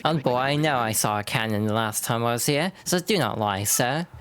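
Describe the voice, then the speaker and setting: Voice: mid-range voice, animated, normal speed, a bit bright, natural voice. A streamer voicing an indignant, pompous old bomb-creature sailor who says sir and old boy.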